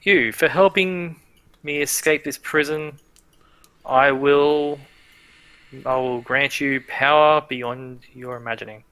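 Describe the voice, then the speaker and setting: A man voicing a scheming ancient male villain god who speaks slowly, grandly and with menace. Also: medium pitch, bright, forceful tone, clean tone. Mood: grandiose.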